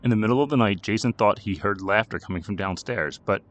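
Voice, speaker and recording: A man narrating a scripted horror story with a dramatic, expressive reading. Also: on the low side, quick pace.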